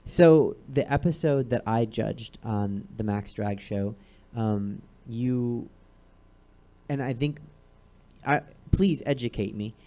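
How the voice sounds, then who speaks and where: A man's voice: medium pitch, slow pace, warm tone. A man hosting a talk show, asking questions in a hesitant, searching way. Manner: hesitant, inquisitive, restarts questions. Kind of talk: casual interview chat. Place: comedy theater stage.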